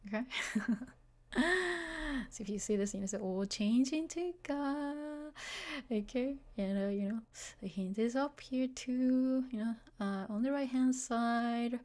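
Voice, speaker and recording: A woman teaching a beginner Japanese lesson, chatty and full of fillers, often checking that the learners follow. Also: a little high.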